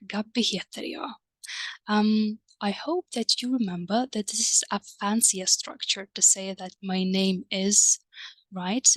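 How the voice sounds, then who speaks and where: A woman teaching a recorded online language lesson, patient and explanatory, checking in with her viewers through little prompts and soft hums of agreement. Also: mid-range voice, dry recording.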